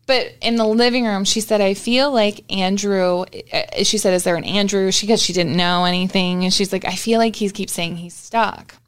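A woman's voice: mid-range voice, moderate pace, few pauses, smooth. Young woman telling a story. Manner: animated storytelling, swearing. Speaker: podcast co-host. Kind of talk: casual chat.

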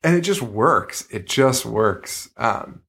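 Profane, animated man co-hosting a podcast. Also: medium pitch, takes it slowly, gravelly, breathy edge. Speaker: podcast co-host. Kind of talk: casual horror movie chat.

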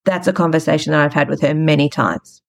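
A woman's voice: low-pitched, steady tone, fast. A woman hosting a podcast, telling a story in a frank, chatty way. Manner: frank, chatty, retells conversations. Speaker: podcast host. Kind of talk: casual storytelling monologue.

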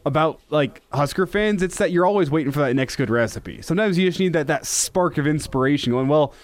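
A man co-hosting a sports radio show, talking in an animated, chatty way. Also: fairly high pitch, brisk. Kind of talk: casual sports radio chat.

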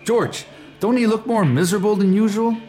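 An actor with a Canadian accent playing a joking, rambling unemployed drinking buddy in a stage play. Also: male voice, high-pitched, brisk, darkish tone, faint music behind, close to an everyday voice. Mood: teasing. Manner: teasing, rambling storyteller.

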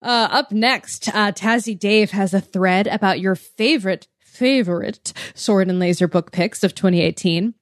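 A woman's voice: medium pitch, unhurried, hardly any pauses, no echo, clean studio sound. A woman co-hosting a podcast, chatting casually and laughing often as she reads out listener comments. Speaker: podcast co-host. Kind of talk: casual chat.

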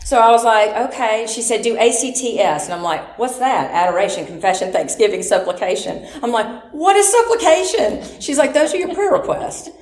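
A woman's voice: mid-range voice, a little fast, hardly any pauses. A middle-aged woman sharing a personal faith testimony, acting out her own quoted lines and laughing often. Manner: animated storyteller who acts out quotes and laughs often. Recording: roomy echo, faint background noise.

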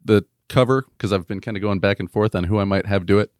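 Male author guest, low voice, relaxed and thoughtful, dry close mic. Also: fast, no echo. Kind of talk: casual chat.

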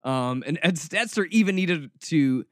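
A man's voice: fairly high pitch, animated, measured pace, no echo, clean studio sound. A man hosting a podcast, talking in a sarcastic, snarky and mock-dramatic way in casual commentary. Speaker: podcast host.

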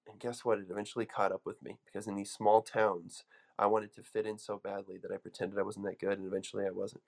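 A man's voice: on the low side, level tone, fast, creaky, a little mellow. A man coaching an audience with an emphatic, storytelling motivational speech, full of restarts. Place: room with an audience.

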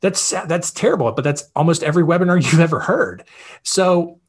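A man's voice: on the high side, moderate pace, husky. A man hosting a podcast, giving casual advice in an upbeat, conversational way with lots of fillers and check-ins. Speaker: podcast host.

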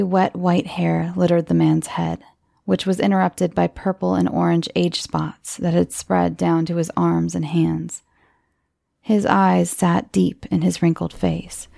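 A woman reading a horror story aloud in measured scripted narration, sometimes sinking to a whisper for suspense. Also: fairly low pitch, vocal fry, a little mellow, dry recording. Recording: music bed under the voice.

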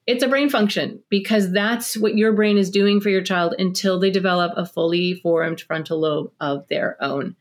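A middle-aged woman, a parenting expert guest on a podcast interview, explaining in an energetic, animated way and acting out little scenes between parents and children. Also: lowish voice.

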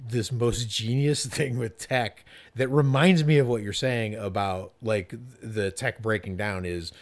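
A man co-hosting a casual film discussion, animated, swearing and laughing often as he talks. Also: medium pitch.

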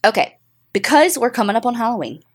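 A middle-aged woman co-hosting a chatty podcast. Her pitch swings widely as she talks, and she swears and laughs freely. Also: very animated, quick pace, breathy edge. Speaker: podcast co-host. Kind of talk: casual chat.

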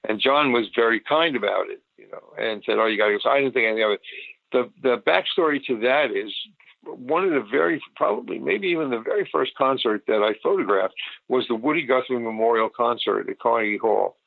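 A man's voice: mid-range voice, animated, brisk, vocal fry, no echo. An older man, a photographer, recalling his past in a rambling, casual interview. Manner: rambling, with many restarts and fillers. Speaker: photographer guest. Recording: tinny phone line, dry.

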